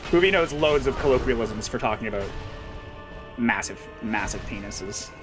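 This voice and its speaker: A man's voice: medium pitch, animated, moderate pace, music in the background. A man livestreaming and reading chat, rambling casually with wry, profane humor and lots of fillers.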